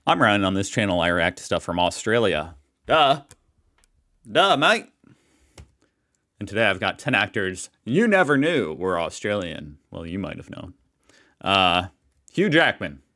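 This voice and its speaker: Bright-voiced low American man, chatty host. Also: animated, moderate pace. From United States. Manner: chatty, rambling, self-mocking jokes. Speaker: reaction video host. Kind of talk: casual reaction commentary.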